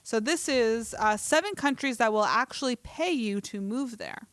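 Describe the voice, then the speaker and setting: A woman's voice: on the high side, lively intonation, moderate pace, fairly bright tone, no room sound. A woman from New Jersey co-hosting a casual podcast, chatting and reading an article aloud with small stumbles and easy laughs. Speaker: podcast co-host.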